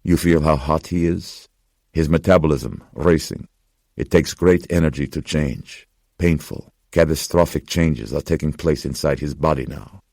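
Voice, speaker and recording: A man voicing a somber old pawnbroker who speaks in a slow, grave, measured way. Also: extremely low pitch, dark tone, no room sound, clean studio sound. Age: older.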